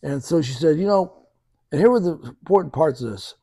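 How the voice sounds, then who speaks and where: Podcast guest, male, fairly high gravelly voice, lively anecdote-teller, dry close sound. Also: a little fast, no room sound. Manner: lively storyteller who acts out quoted dialogue. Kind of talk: conversational storytelling.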